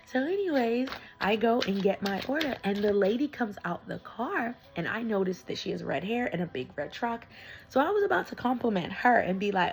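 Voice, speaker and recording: Breathy woman telling a chatty story. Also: mid-range voice, normal speed, low-quality recording. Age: adult with young children. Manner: chatty, animated, slangy storytelling. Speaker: tarot reader. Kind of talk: casual storytelling vlog.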